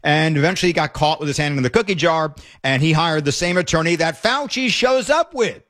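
A man hosting casual political commentary, emphatic and excited as he reacts to clips. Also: fairly high pitch, fairly quick. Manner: emphatic, excited, fond remarks.

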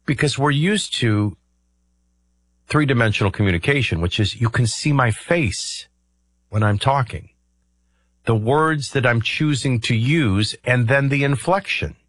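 A man's voice: mid-range voice, unhurried, a bit bright, dry recording. A middle-aged man hosting a talk radio show, explaining his views in a rambling, conversational way with many ums and uhs. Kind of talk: conversational political commentary.

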